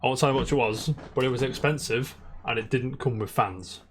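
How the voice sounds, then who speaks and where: A man's voice: medium pitch, brisk, slight background noise. A man co-hosting a casual podcast, telling a long rambling story and swearing constantly. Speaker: podcast co-host. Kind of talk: casual chat.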